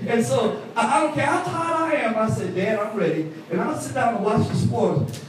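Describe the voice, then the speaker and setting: A man preaching an animated call-and-response sermon, recorded from a distance in a church. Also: moderate pace, slight background noise. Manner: animated call-and-response preaching, voice swooping high for quoted women. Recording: echoey hall, mic from afar.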